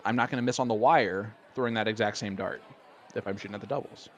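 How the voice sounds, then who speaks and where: A man's voice: fairly low pitch, quick pace, fairly bright tone. A man doing live darts commentary, chatty and enthusiastic, joking with his co-hosts.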